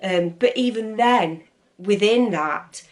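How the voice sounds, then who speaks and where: A woman's voice: mid-range voice, slow. A woman with an East Midlands English accent chatting casually to camera, with lots of ums and opinionated asides. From East Midlands, England. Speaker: vlogger.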